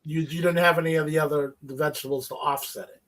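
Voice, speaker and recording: Casting: stubborn co-host, slightly high male voice, rambling with fillers. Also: steady tone, fast, fairly bright tone. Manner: stubborn, hedging, says like a lot. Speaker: podcast co-host. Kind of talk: casual chat.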